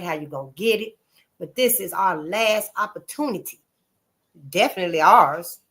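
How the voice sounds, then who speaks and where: A woman's voice: lowish voice, fairly bright tone. A woman hosting her own channel, talking straight to her listeners in a blunt, emphatic monologue, cussing freely and repeating points to drive them home. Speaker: channel host. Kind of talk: casual spoken commentary monologue.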